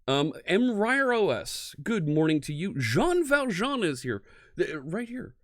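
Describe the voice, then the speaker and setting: Lively, chatty American stream host. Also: male voice, sits high, unhurried, dry recording, clean studio sound. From United States, near Philadelphia. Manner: chatty, greets viewers, laughs easily. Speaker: live-coding stream host. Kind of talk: casual livestream chat.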